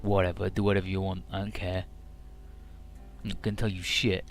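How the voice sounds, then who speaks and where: A man voicing a sullen, tight-lipped teenage boy pilot in a game recap, low and mumbling. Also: level tone, fairly quick, faint music behind.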